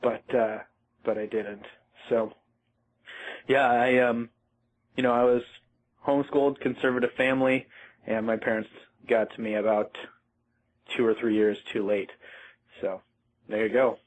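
A man telling a wry, halting story in a recorded phone message, with lots of fillers. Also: mid-range voice, steady tone. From Seattle. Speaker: guest on voicemail. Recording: tinny phone line.

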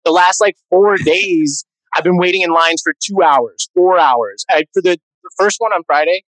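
A man co-hosting a podcast, telling stories in casual chat, animated and swearing freely. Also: high-pitched, moderate pace, no room sound, poor audio. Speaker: podcast co-host.

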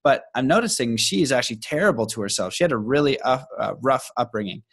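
Relaxed male podcast host. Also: medium pitch, slightly rough, no room sound. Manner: relaxed storyteller, slows down for emphasis. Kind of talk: casual conversation.

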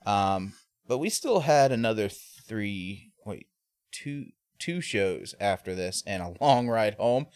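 A man's voice: on the low side, expressive, takes it slowly, a little mellow, no echo, clean studio sound. A man co-hosting a casual chat, telling rambling tour anecdotes with frequent laughs. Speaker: podcast co-host, band member.

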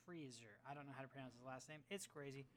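A man's voice: mid-range voice, little pitch movement, very fast, slight background noise. A man hosting a casual movie podcast, rambling with many fillers and restarts. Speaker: podcast host.

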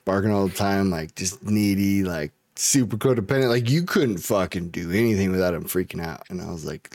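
A man's voice: low voice, brisk, hardly any pauses, darkish tone, no echo, studio quality. A young man co-hosting a comedy podcast in loose, profane, laughing chat. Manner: laid-back, swears a lot, laughs often. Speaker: podcast co-host.

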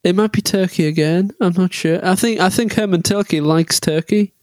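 High-voiced chatty man. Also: moderate pace, dry recording. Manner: rambling, jokey, laughs often. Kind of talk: casual motorsport chat.

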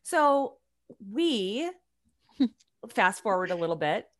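A woman in her forties tells a story in casual conversation. Her pitch swings widely as she talks, and she stays blunt and animated, dropping swear words and starting parts of the story over. Her voice sits in a middle register. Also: slow.

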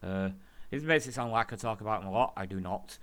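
A man co-hosting a podcast in casual chat, animated, laughing often and swearing freely. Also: lowish voice, fast. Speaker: podcast co-host.

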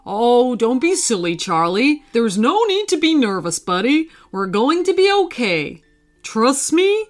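A cheerful father fox from a bedtime storybook speaks gently and steadily, soothing his children, as a woman puts him on. The voice stays close to the reader's own, a touch brighter and slow-paced. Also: a little high, very animated. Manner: gentle, reassuring tone.

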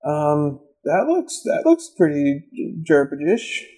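Rambling young man, slightly high voice. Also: very animated, takes it slowly, mellow, low-quality recording. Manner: rambling, laughs often, many fillers and restarts. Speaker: podcast co-host. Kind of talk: casual podcast banter. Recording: amateur home podcast recording.

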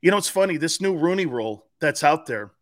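A man's voice: on the high side, brisk. A middle-aged man co-hosting a sports talk show, telling stories in a loose, profane way and often breaking into laughter. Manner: profane, laughing, animated retelling. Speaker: sports radio co-host. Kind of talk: casual storytelling chat.

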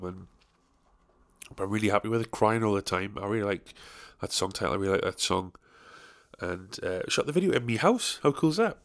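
A young man hosts his own podcast, rambling and swearing as he talks things through. He sounds worn out and pokes fun at himself, and his voice sits fairly low. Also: fairly bright tone. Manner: rambling, sweary, self-deprecating. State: tired. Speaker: podcast host. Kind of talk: casual solo podcast chat.

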